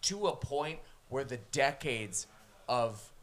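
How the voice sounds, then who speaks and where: A man co-hosting a podcast, chatting casually, jokey and animated, swearing freely. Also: medium pitch, takes it slowly. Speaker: podcast co-host. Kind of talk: casual chat.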